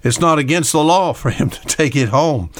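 A man's voice: a little high, expressive, moderate pace, no echo. Older male radio preacher, conversational and folksy, dry close sound. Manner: folksy, conversational, repeats key words for emphasis. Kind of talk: radio sermon.

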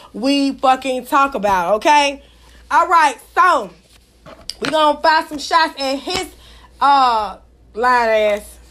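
A woman hosting a celebrity gossip show, talking in a brash, profane, animated way. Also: high voice. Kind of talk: casual celebrity gossip talk.

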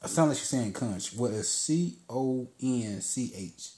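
A man's voice: medium pitch, expressive, unhurried, mellow. A man hosting a podcast, telling a story in a loose, casual monologue and swearing freely. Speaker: podcast host. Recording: roomy echo.

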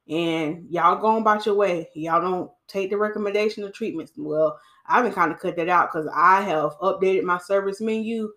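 A woman hairstylist gives casual hair-care advice to her listeners. She is animated and preachy, repeats her points and calls her audience sis. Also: lowish voice. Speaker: hairstylist and podcast host.

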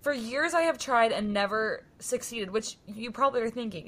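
A woman's voice: fairly high pitch, moderate pace, a bit bright. A young woman co-hosting a podcast, telling stories in a chatty way and saying "like" a lot. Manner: chatty storytelling, says "like" a lot. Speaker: podcast co-host. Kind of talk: casual chat.

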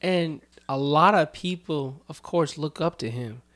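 A man's voice: a little high, a little slow, a bit bright, dry recording. Young man hosting a laid-back chat. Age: young adult. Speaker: podcast host. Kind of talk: casual chat.

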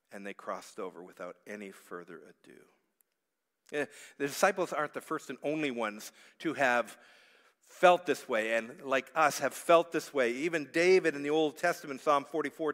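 A man preaching a sermon as pastor, swinging between hushed reflection and loud, pleading passages. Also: medium pitch, normal speed. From Canada. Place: church sanctuary. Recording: church hall reverb.

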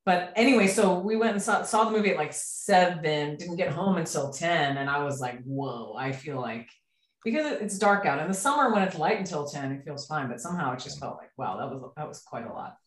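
A woman co-hosting a casual chat, talking freely and trailing off into quiet asides. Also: deep voice, lively intonation, a little fast, recorded from a distance. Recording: roomy echo.

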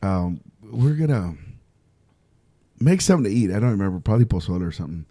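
Swearing, animated man telling a story. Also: lowish voice, fast. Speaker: podcast co-host. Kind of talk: casual chat.

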